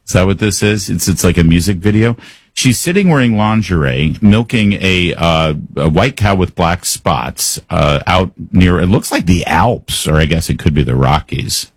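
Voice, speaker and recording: Male talk host, deep husky voice, dry booth sound, sarcastic commentary. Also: lively intonation, moderate pace, no room sound. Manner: sarcastic, exasperated asides. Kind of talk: opinionated news commentary.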